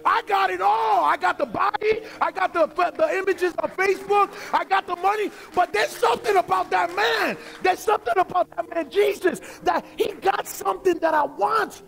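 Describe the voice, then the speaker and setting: A man's voice: very high-pitched, lively intonation, moderate pace, creaky, hardly any pauses, sharp tone, soft background music, pitched above the performer's own voice, exaggerated voice. A man voicing an urgent, yearning grown man. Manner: urgent, pleading, raised voice. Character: restless grown man wanting what he lacks.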